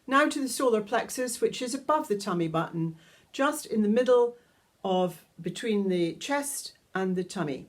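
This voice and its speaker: A woman teaching a guided vocal toning lesson, calmly explaining each step and singing long vowel tones. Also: medium pitch, normal speed. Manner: calm, instructive, demonstrates sustained vowel tones. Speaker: sound healing teacher.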